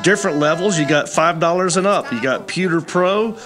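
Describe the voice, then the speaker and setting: A man's voice: fairly high pitch, a little fast, fairly bright tone, faint music behind. A man hosting a comedy podcast, talking in a playful, mock-indignant way and stretching out his sign-offs. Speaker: podcast host. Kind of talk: casual comedy podcast chat.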